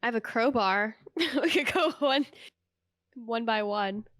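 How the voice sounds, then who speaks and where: A woman's voice: fairly high pitch, unhurried, fairly bright tone. A woman playing a tabletop game, making playful, jokey suggestions. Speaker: player.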